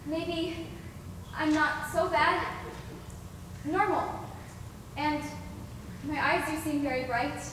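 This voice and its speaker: A woman's voice: high-pitched, takes it slowly, pauses often, noisy background. A young woman playing a sad, self-doubting young girl in a school stage play, wistful and plaintive. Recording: echoey hall, far from mic.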